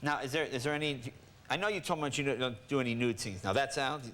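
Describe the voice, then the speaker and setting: A man's voice: mid-range voice, fast. A man hosting a TV talk show, asking teasing, playful questions in a joking interview, on a noisy satellite TV recording. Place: TV studio with audience. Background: studio audience.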